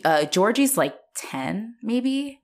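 A woman in casual conversation about a film, chatty and animated, with many filler words. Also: mid-range voice, slow.

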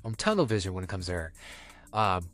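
A man's voice: deep voice, sing-song, fairly quick, fairly bright tone, soft background music. A young man co-hosting a podcast, talking candidly and rambling in casual chat. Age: young adult. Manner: candid, rambling, restarts often. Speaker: podcast co-host.

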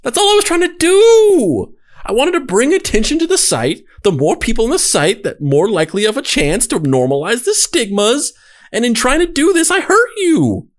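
A woman doing Legs, a male podcast persona who recites everything as high drama, his voice swooping up and down. The delivery is overwrought and theatrical, like a mock solemn stage reading. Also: big pitch swings, normal speed.

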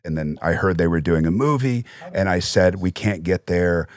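A man talking as a podcast guest, telling animated anecdotes in casual, swearing conversation on a studio mic. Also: sits low, moderate pace, no echo.

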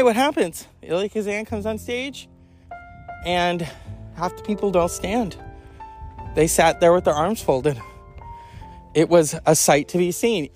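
Male podcast host, high voice, rambling and candid, swears freely, faint music underneath. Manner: rambling, candid, profane, with sighs and yawns. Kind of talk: casual monologue.

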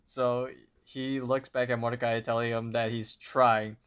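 Guy on a podcast call going over a cartoon ep, slow and laid back, smooth clear voice. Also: medium pitch, level tone, fairly bright tone. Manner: unhurried retelling with fillers and laughs. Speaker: podcast co-host. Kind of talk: casual episode recap. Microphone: online voice call.

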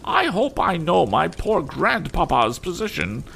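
A man voicing a haughty, pompous mother who speaks in a shrill, imperious way. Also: big pitch swings, unhurried, creaky, a bit bright, slight background noise, heavily acted.

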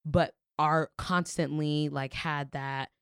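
A woman's voice: low-pitched, fairly even intonation, slow, clear, resonant tone, no room sound, studio quality. A young woman co-hosting a casual talk show, telling a story candidly and swearing freely. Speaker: podcast co-host. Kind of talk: casual chat.

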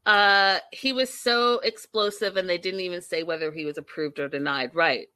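A woman's voice: lowish voice, moderate pace, no echo. A woman recapping a reality show for her viewers in a casual, blunt and exasperated way, swearing freely and acting out what people said. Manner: acts out quoted people with sudden loud bursts.

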